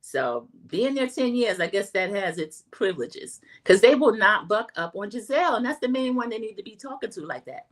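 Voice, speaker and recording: Woman, middle-aged, casual livestream recap, lively pitch, chatty. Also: normal speed, few pauses. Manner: chatty, animated, talks straight to viewers. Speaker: host.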